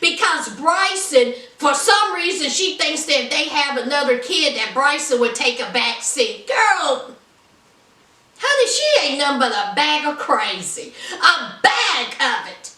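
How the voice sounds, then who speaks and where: A woman's voice: high-pitched, big pitch swings, a little slow, sharp tone, distant mic. A woman recapping a reality show in a sassy, dramatic, gossipy way, full of "honey" and "child". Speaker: reality TV reviewer. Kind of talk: casual gossipy recap commentary. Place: home. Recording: echoey room, voice a bit off-mic.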